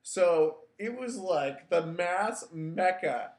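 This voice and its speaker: A man's voice: sits high, animated, extremely slow, a little mellow. A man with a slightly raised voice tells a story from his own life in a loose, wry, self-mocking way, peppering it with filler words. He sounds like a show host chatting casually. The recording has an echoey, roomy sound. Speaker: podcast host. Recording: echoey room.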